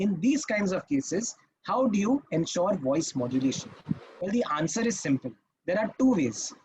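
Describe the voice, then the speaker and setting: Emphatic trainer on a call. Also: male voice, sits high, darkish tone, slight background noise, rough recording. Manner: emphatic and instructive, checks in with "Okay?". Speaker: public speaking trainer. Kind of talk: live online masterclass. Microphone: video call.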